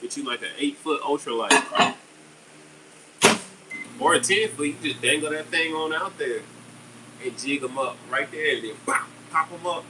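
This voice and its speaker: A man's voice: a little high, normal speed, long pauses, distant mic. Upbeat man chatting on a live stream. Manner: chatty, upbeat, reads out viewers' comments. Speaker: livestream host selling fishing jigs. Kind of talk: casual live-stream chat. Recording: steady air conditioner hum behind.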